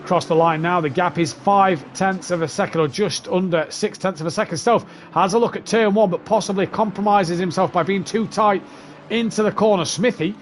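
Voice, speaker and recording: A man with a fairly high voice commentates an online sim race, chatting easily and reeling off positions and time gaps. A faint hiss of noise sits behind him. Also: fairly quick.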